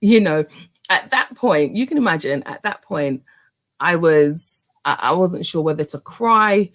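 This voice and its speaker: A woman in her thirties telling a personal story to her viewers, animated, with many fillers and restarts. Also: lowish voice, unhurried.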